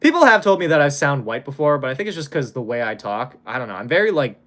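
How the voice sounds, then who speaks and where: A man's voice: medium pitch, sing-song, fast talker, a bit bright. A young man from Hawaii chatting casually on a live stream, reading donations and swearing now and then.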